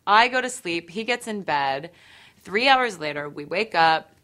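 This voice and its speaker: A young woman telling a personal story to the camera with a wry, deadpan manner. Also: lowish voice, measured pace. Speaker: interviewee.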